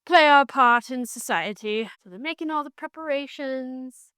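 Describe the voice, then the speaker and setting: A woman with a fairly high, smooth and resonant voice gives a chatty book recap as a podcast host. She talks in an animated way, jumping into the characters' lines. The recording is close and dry, with no room sound. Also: normal speed, dry recording.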